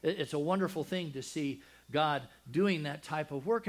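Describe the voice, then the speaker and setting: An older man preaching a sermon, telling a personal family story with deep feeling, dropping to a hush and then rising loud, with many restarts. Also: normal speed. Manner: emotional, swings from loud and high to hushed and soft; rambling with frequent restarts.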